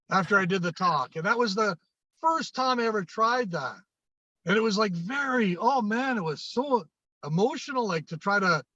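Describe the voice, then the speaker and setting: A man's voice: sits high, sharp tone, dry recording. A man, a guest on a podcast, telling anecdotes in conversation and acting out the dialogue, often restarting and repeating phrases. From Canada. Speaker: podcast guest, sales coach. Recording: dry, dull lo-fi sound.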